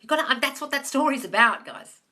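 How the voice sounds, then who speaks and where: On a live stream recorded through a phone or webcam, a woman with a high, expressive voice speaks briskly in a sharp tone. She's hosting a manifesting Q&A, dishing out blunt, sweary, casual advice and calling everyone "darling" and "guys."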